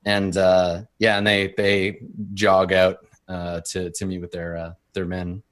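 A man's voice: deep voice, monotone, unhurried, a bit bright. A man running a tabletop role-playing game as game master, narrating scenes with frequent ums and uhs.

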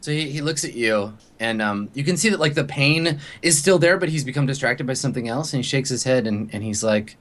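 A man's voice: medium pitch, lively intonation, brisk, hardly any pauses, fairly bright tone. A young man narrating a tabletop game as game master, speaking loosely with many fillers.

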